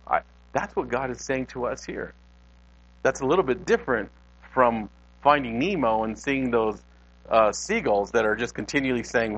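A man's voice: medium pitch, big pitch swings, fairly quick, a bit bright. A male pastor giving a conversational sermon in a church, talking directly to his congregation, in a dull lo-fi recording.

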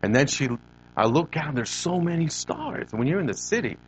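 A man's voice: fairly high pitch, big pitch swings, a little fast. A middle-aged man from Northern California telling his childhood story to an audience, turning to them with questions and acting out his younger self. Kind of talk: personal testimony to an audience. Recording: dull lo-fi recording with faint hum.

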